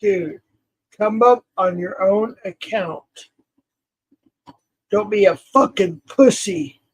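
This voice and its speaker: A man rants on his livestream in a slow, husky voice. His speech swings from shouted bursts to low muttering, and he swears constantly. He talks straight into his computer mic. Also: poor audio. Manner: swearing, shouting in bursts, then dropping quiet. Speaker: livestream host. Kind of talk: angry livestream rant.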